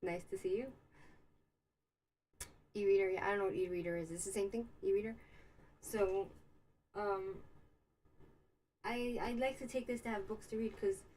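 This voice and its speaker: A woman's voice: mid-range voice, steady tone, moderate pace, pauses often, darkish tone, a little hiss or hum, low-quality recording. A young American woman hosting a casual livestream, rambling through a story and answering chat comments. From United States. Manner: rambling, chatty, with many fillers and asides. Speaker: livestream host. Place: Israel.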